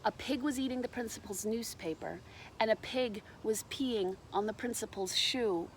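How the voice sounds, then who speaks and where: A woman reading a children's picture book aloud with lively, animated delivery. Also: on the high side, moderate pace, a little hiss or hum. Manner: animated, shouts character lines, explains to children. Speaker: storybook reader. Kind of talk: children's storybook read-aloud.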